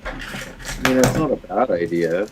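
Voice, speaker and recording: Man, lowish voice, easygoing, casual chat, faint noise. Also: measured pace.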